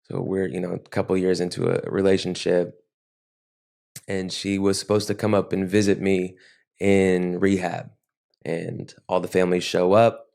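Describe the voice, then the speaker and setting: A man as an interview guest, speaking reflectively and haltingly with many restarts. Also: deep voice, level tone, gravelly, darkish tone. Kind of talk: podcast interview.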